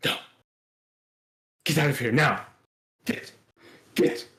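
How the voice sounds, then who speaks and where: A man voicing an older woman shopkeeper in a tabletop game who speaks haltingly and fearfully and turns to shrill screaming. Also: steady tone, vocal fry, exaggerated voice. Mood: screaming, furious.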